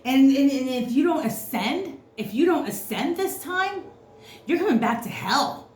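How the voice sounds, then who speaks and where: A woman's voice: high voice, expressive, unhurried. A woman giving an unscripted tarot reading, ranting bluntly and cursing freely. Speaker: tarot reader. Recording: roomy echo, faint noise.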